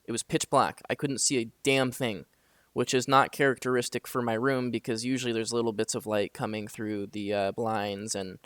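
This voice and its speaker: A young man casually recounting a dream at home at night, halting and full of fillers. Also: mid-range voice, little pitch movement, a bit bright, no echo. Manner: halting, filler-heavy retelling. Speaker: storyteller. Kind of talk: casual spoken dream story.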